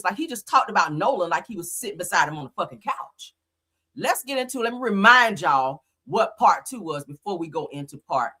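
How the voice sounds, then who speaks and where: Animated, blunt woman host. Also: mid-range voice. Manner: blunt, skeptical, swears freely. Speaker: commentary channel host. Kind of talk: casual reaction commentary.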